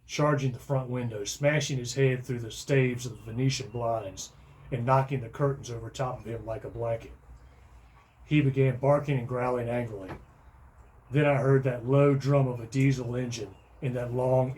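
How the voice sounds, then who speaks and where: A man's voice: medium pitch, slight background noise. A middle-aged man reading his own comic first-person story in a dry, matter-of-fact way. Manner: dry storytelling, bursts into loud shouting for quoted lines.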